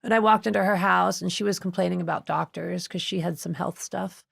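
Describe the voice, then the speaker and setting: A woman's voice: on the low side, brisk, vocal fry, husky, no room sound, studio quality. A woman guest on a podcast, telling a personal story with feeling and acting out the voices of people in it. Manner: expressive, acts out other people's voices in her story. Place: podcast studio.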